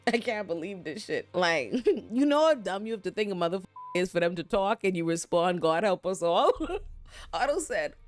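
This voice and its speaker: A woman recapping a TV episode in casual, animated, profane commentary. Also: on the low side, brisk, soft background music. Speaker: TV recap host.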